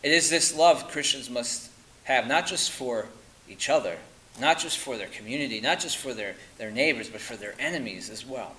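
A man preaching a sermon, emphatic and insistent, firing rhetorical questions and dropping to quiet at the ends of lines. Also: medium pitch, lively intonation, normal speed, slight background noise, low-quality recording.

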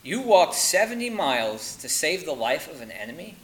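A man voicing a stern older male general in a sermon anecdote, speaking in a firm, measured way. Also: fairly high pitch, sing-song, fairly bright tone, low-quality recording. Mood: astonished.

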